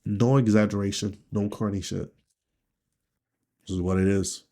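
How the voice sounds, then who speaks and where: A man from Nigeria speaks straight to camera in a personal video diary. His voice sits low and mellow, and he talks in a candid, rambling way laced with swearing. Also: fairly even intonation, normal speed. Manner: candid, profane, rambling talk. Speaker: vlogger.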